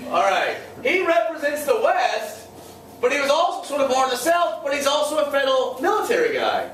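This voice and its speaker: A man's voice: very high-pitched, huge pitch swings, a little fast, a bit bright, slight background noise. A male history teacher lecturing a class, joking and sarcastic, often quizzing his students. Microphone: far room mic. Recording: echoey classroom from far off.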